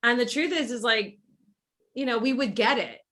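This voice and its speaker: Podcast guest, woman, bright tone, chatty run-on delivery. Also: fairly high pitch, normal speed. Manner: animated, run-on talk with many fillers and restarts. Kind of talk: casual podcast conversation.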